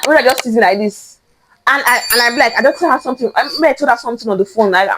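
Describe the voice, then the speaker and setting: A young woman with a Nigerian accent hosting a casual teaching chat, excitable and playful, repeating phrases for emphasis. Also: on the high side, fast talker. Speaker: host.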